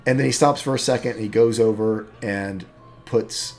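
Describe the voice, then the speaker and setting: A man's voice: fairly low pitch, normal speed, darkish tone, faint music behind. Rambling male game master. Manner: rambling, many fillers. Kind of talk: narrating a tabletop game.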